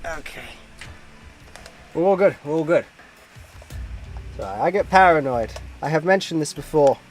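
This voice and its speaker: A man's voice: a little high, animated, moderate pace, soft background music. A man streaming a game, chatting casually, laughing often and exclaiming at the screen.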